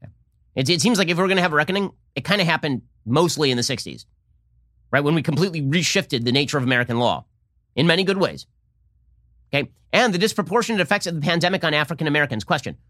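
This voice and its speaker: A man hosting a political podcast, delivering a fast, sarcastic opinion monologue and mocking his opponents. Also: a little high, expressive, fairly bright tone, no echo, studio quality. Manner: sarcastic, mocks opponents in put-on voices.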